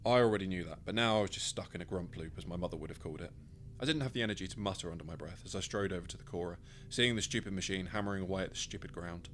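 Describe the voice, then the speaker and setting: Male author-narrator, low voice, dry wry first-person storytelling. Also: very fast, few pauses, a bit bright, a little hiss or hum. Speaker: author reading his own story.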